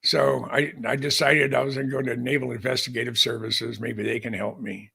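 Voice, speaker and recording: Older man, gravelly husky voice, folksy rambling podcast guest. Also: medium pitch, little pitch movement, a little fast, bright, forceful tone. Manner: folksy, rambling, with frequent restarts and fillers. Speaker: podcast guest, aviation historian. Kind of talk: storytelling in casual conversation.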